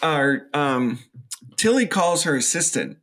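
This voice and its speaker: Male podcast co-host, fairly high voice, lively pitch, casual movie recap. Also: takes it slowly. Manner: animated, jumps into voices while retelling scenes. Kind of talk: casual film review chat.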